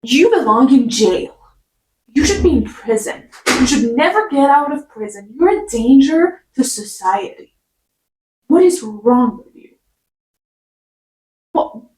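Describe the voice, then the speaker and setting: A woman's voice: sits high, expressive, takes it slowly, long pauses, mellow, echoey room, recorded from a distance, rough recording. A woman giving a casual rant review, exasperated and sarcastic, talking back at the characters. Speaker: book reviewer.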